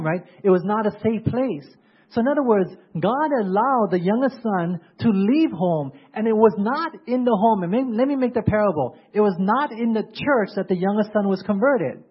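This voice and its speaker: Husky high-voiced male preacher. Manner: keeps asking the congregation questions. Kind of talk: sermon. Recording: dull lo-fi sermon recording.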